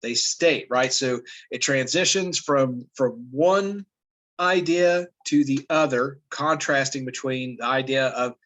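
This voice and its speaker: A man's voice: medium pitch, takes it slowly, a bit bright, low-quality recording. A man teaching a class, reading passages aloud and explaining them casually with many fillers. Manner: thinks aloud with fillers, reads passages then comments.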